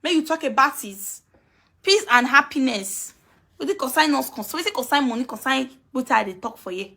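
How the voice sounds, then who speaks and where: Woman with a Nigerian Pidgin accent, high and bright, taunting rant streamed on a live video. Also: animated, a little fast, gravelly. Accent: Nigerian Pidgin English. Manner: scolding, taunting, repeats herself.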